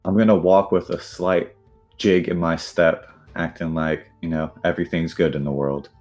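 A man with a very low voice plays a tabletop game and describes his moves in an easygoing, playful tone. Faint music plays in the background. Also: steady tone, moderate pace, darkish tone. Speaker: player. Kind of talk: casual tabletop role-play.

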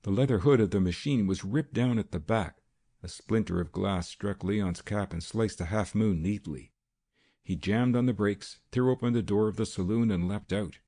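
An audiobook narrator with a voice on the low side reads a period crime novel. His scripted narration is steady and measured.

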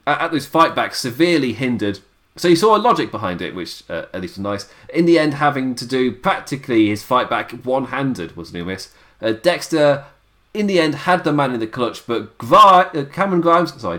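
A man's voice: mid-range voice, fairly bright tone. Chuckly man rambling through a review. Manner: rambling, chuckling often, many "uh" fillers. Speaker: wrestling show reviewer. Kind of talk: casual spoken review.

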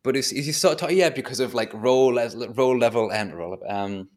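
A man's voice: medium pitch, moderate pace. A man co-hosting a podcast in casual chat, eager and thinking aloud as he talks.

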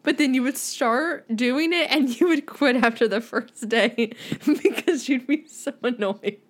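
Young woman co-host, blunt teasing banter, slightly high voice. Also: measured pace. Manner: teasing, blunt, swears casually. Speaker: podcast co-host. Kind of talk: casual chat.

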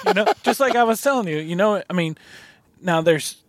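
A man's voice: sits high, lively intonation, moderate pace, dry recording. A man in casual conversation, telling a personal story in an earnest, folksy way, recorded in a parked van. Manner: earnest, folksy, laughs between lines. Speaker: guest.

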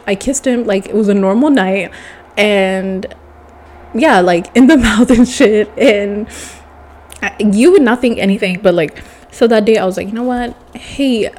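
A young woman with a stuffy nose telling a long personal story in a casual, animated way, swearing freely and calling the listener baby. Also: mid-range voice, normal speed.

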